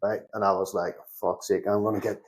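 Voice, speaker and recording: A middle-aged security consultant from Belfast, Northern Ireland, appears as a podcast guest and tells lively stories in casual chat. His fairly low voice moves briskly as he acts out both sides of each conversation, swearing now and then.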